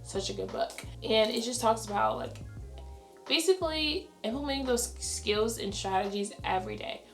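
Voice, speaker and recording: A young adult woman, a schoolteacher, talking fast and chatty in a casual vlog, her voice raspy and tired. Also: on the high side, a bit bright, echoey room, soft background music. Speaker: elementary school teacher. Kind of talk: casual vlog talk to camera.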